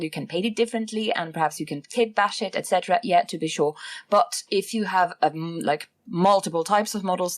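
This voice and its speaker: A woman from Finland co-hosting a lore livestream, chatting playfully and cheerfully. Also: lowish voice. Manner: bubbly, playful, laughs easily. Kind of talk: casual livestream chat.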